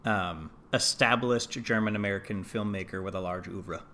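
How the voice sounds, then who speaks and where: A man's voice: fairly low pitch, normal speed, sharp tone, slight background noise. A man co-hosting a podcast in casual chat, with a jokey, playful way of talking. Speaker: podcast co-host.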